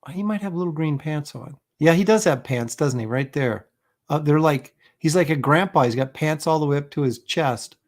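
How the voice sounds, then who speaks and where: Gravelly-voiced man hosting a casual livestream. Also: on the high side, normal speed. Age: middle-aged. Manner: chuckling, rambling, reads chat comments aloud. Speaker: livestream host.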